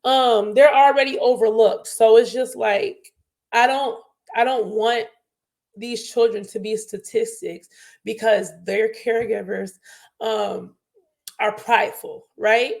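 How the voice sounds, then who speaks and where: A woman's voice: fairly high pitch, steady tone, slow, creaky, darkish tone. A young woman teacher and host talking earnestly and passionately in a casual panel chat, rambling with many fillers.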